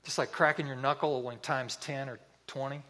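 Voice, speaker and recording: A man preaching a sermon, telling a story in an earnest, vivid way with pauses. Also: medium pitch, steady tone, sharp tone.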